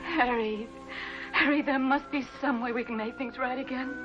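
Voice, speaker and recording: An actress playing a lonely, desperate woman pleading on the phone, halting and stammering, tearful, in a 1950s TV drama acting style. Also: high voice, fairly even intonation, close to an everyday voice. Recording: muffled old TV soundtrack with music.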